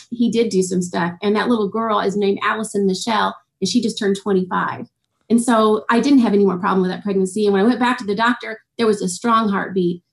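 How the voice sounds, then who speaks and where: A woman's voice: medium pitch, vocal fry. A woman in her forties, a guest author, telling a personal faith story in an interview and acting out the voices of the people in it. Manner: animated storytelling, acts out quoted voices. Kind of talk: testimony in an interview.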